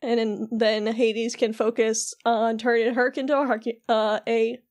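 A woman's voice: on the high side, moderate pace. A woman co-hosting a podcast, casually recapping a video game and acting out the characters' lines. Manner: animated storytelling, acting out characters' lines with bits of laughter. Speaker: podcast co-host.

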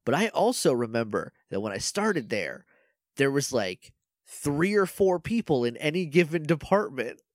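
Animated man chatting casually, dry sound. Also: fairly high pitch, normal speed, no room sound. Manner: chatty, laughs often, trails off with fillers. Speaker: podcast co-host. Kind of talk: casual chat recapping a TV episode.

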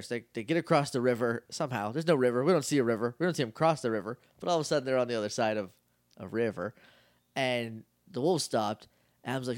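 A man co-hosting a podcast, chatting casually and acting out scenes from an episode in quick bits. He laughs a lot. His voice is mid-pitched and recorded dry and close. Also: no room sound. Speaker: podcast co-host. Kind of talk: casual recap chat.

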